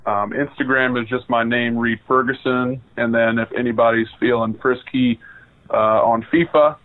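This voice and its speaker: A man appearing as a guest football player, talking in a relaxed, halting way with lots of fillers. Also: medium pitch, no echo. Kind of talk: casual interview chat. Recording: dry, tinny phone-line audio.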